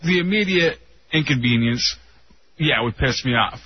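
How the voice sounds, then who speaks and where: A man's voice: medium pitch, lively intonation, normal speed, slightly rough. Blunt young man co-hosting radio. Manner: blunt, teasing, matter-of-fact. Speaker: radio co-host. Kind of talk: casual radio chat. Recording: dull lo-fi radio sound.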